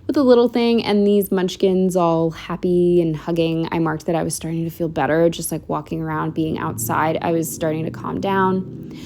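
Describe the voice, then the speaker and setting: A woman's voice: low-pitched, steady tone, moderate pace, darkish tone, a little hiss or hum. A woman narrating a casual planner walkthrough at home, chatty and rambling with lots of "like" and "um". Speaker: planner vlogger.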